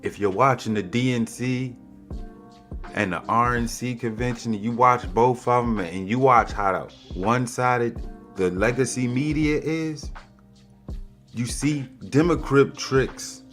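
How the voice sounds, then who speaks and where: A man hosting a podcast, ranting heatedly and with lots of profanity, his voice jumping high in pitch to mock people. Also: unhurried, faint music behind. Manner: heated, profane, animated with big pitch swings. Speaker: podcast host. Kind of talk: opinionated political rant.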